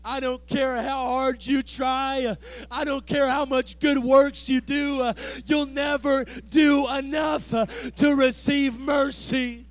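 A man preaching a sermon in church, building into a shouted, rhythmic cadence broken by "uh" between phrases. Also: very high-pitched, little pitch movement, slow pace. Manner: speaks in tongues. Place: church sanctuary.

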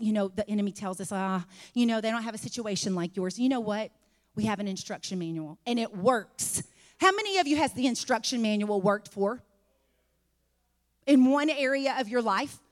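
A woman preaching a sermon in a church, fervent and repetitive, rising to shouts. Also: fairly high pitch, in a large hall.

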